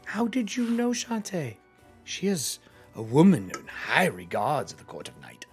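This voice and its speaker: A man's voice: on the high side, wildly swooping pitch, unhurried, husky, faint music behind, full character voice. A man voicing a menacing male sand creature in a tabletop game, mocking and possessive in how he talks. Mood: taunting. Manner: mocking, taunting.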